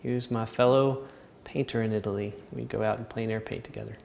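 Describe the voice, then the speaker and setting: Relaxed Southern man chatting while painting. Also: fairly low pitch, brisk, gravelly, slight background noise. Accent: Southern American. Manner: relaxed, rambling, laughs often. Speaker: painting instructor. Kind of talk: casual chat while painting.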